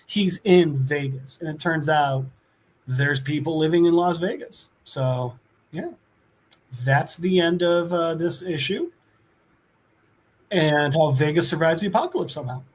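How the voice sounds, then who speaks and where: A man's voice: fairly high pitch, measured pace. A man co-hosting a casual podcast, animatedly retelling a comic book plot and acting out the characters' lines. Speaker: podcast co-host recapping a comic. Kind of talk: casual chat.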